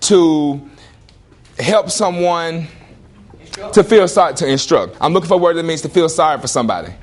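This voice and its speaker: Guy teaching a class, keeps throwing questions at the kids, voice on the higher side. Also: fast. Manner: energetic call-and-response questioning.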